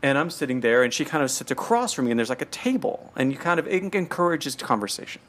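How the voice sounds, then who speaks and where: A man's voice: medium pitch, big pitch swings, fast, a bit bright. American guy rambling thru a story, lots of ums, middle-aged, casual. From United States. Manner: chatty storyteller, many fillers. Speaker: podcast host. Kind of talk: casual chat.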